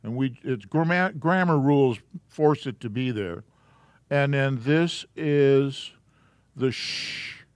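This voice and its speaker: A man teaching a Hebrew alphabet class in a church classroom, explaining slowly and casually. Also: medium pitch, smooth, dry recording.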